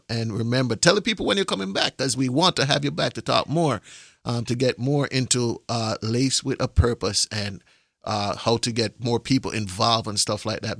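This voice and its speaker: A man's voice: medium pitch, fairly bright tone, no echo, studio quality. A man with a Jamaican accent hosting a radio show, chatting with guests in a playful, joking, rambling way. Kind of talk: casual radio chat.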